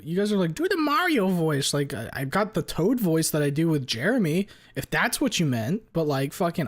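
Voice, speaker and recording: A man streaming live and chatting casually with his viewers in a rambling, crude way, swearing a lot and talking back to chat. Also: on the high side.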